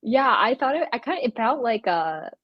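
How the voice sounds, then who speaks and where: A woman's voice: a little high, sing-song, normal speed, no echo, highs cut off. A woman co-hosting a podcast, chatting casually about a TV episode, giggling and hedging often. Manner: giggly, hedging, lots of "like" and laughs. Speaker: podcast co-host. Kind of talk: casual pop-culture chat.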